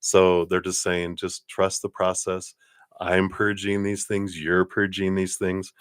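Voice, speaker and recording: A man giving a live tarot card reading in a relaxed, chatty way, often laughing. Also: low voice, slow, smooth, no echo, clean studio sound.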